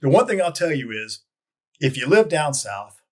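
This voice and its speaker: A man telling stories as a guest in a casual interview, rambling with frequent restarts and lively quoted voices. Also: on the high side, moderate pace. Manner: rambling with many restarts, animated quoting. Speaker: guest, advertising copywriter. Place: lives in Dallas.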